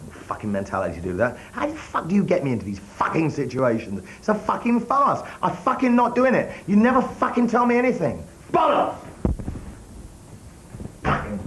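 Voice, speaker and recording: Guy playing a sweary pop star diva, big camp tantrums, lively voice, fuzzy old tv tape. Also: mid-range voice, lightly acted. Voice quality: foul-mouthed, theatrical tantrums. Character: temperamental pop star in a spoof documentary. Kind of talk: sketch comedy. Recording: noisy old TV broadcast tape.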